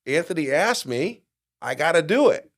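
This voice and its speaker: A middle-aged man telling a personal story in a podcast interview, acting out quotes and getting loud at the big moments. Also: fairly high pitch, moderate pace. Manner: animated storyteller, acts out quotes with big jumps in loudness. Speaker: guest.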